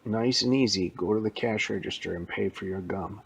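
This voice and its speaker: A man doing a calm, coaxing superhero. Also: fairly low pitch, brisk, creaky, breathy edge. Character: calm, reassuring male superhero.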